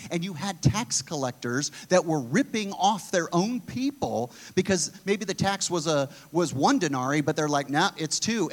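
A man with a voice that sits high preaches an earnest, conversational sermon, often restarting sentences as he thinks aloud.

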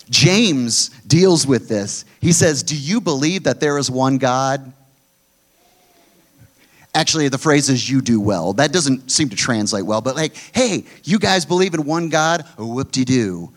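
Middle-aged man, pastor, sermon delivery, forceful emphasis with quiet low drops. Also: lively intonation, unhurried. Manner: emphatic preaching, swinging between loud high pushes and low quiet drops.

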